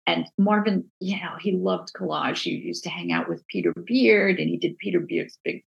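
Gravelly New Jersey woman telling stories. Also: fairly low pitch, moderate pace, dull audio. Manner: animated, acts out quoted voices, many restarts. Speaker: book designer, guest. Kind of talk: casual interview storytelling.

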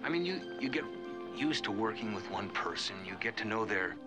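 Guy playing a fumbling evasive agent guy, tv clip, loud music under him. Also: fairly low pitch, expressive, a little fast, lightly acted. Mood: hesitant. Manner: hesitant, fumbling for words.

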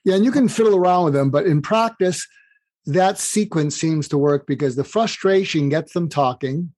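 A man's voice: a little high, normal speed, dry recording. An older man guest on an interview, explaining advice animatedly and acting out bits of dialogue. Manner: animated, acts out quoted dialogue. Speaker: guest author.

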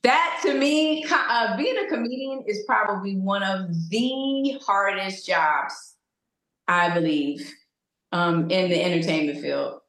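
A woman, an actress on a podcast as a guest, answering questions thoughtfully with hesitant pauses and many fillers. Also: medium pitch, a bit bright. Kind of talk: interview conversation. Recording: echoey room.

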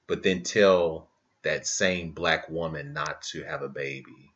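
Male podcast host with a deep voice, speaking fervently and conversationally over a dull recording. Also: steady tone, slow, a bit bright. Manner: impassioned, talks in bursts, says "you know what I mean" often. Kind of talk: casual podcast chat.

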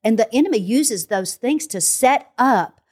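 A woman's voice: on the high side, animated, measured pace, darkish tone. An older woman, a grandmother, teaching as a guest on a devotional podcast, earnest and emphatic, repeating phrases in long lists.

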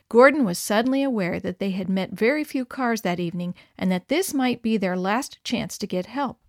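A woman narrating a story in a clear, expressive read-aloud manner. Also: medium pitch, moderate pace, hardly any pauses, dry recording, studio quality. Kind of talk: scripted narration.

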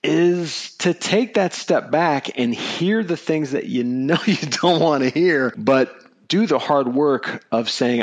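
A man's voice: on the high side, expressive, takes it slowly. A thoughtful male podcast host. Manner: thoughtful, laughs often. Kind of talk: conversational interview.

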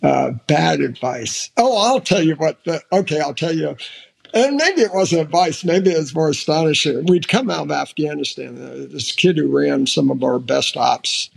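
Gravelly older American man. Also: on the high side. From United States. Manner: halting, restarts often, animated when quoting others. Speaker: podcast guest, retired admiral. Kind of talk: casual interview storytelling.

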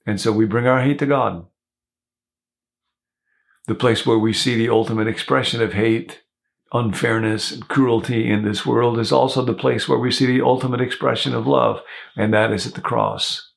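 A low, gravelly-voiced male pastor. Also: steady tone, moderate pace. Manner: reflective storytelling, retelling a novel. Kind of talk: sermon.

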